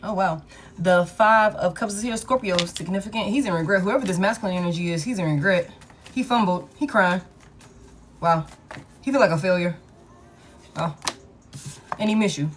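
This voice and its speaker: A woman's voice: lowish voice, normal speed, long pauses, slight background noise. A woman giving a live tarot reading, blunt and profane, who thinks aloud as she pulls cards and talks straight to her viewers. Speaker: tarot reader.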